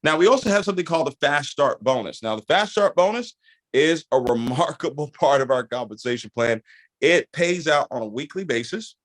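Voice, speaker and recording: A man's voice: on the high side, animated, fairly quick, poor audio. A man hosting a call, giving a persuasive, upbeat sales presentation.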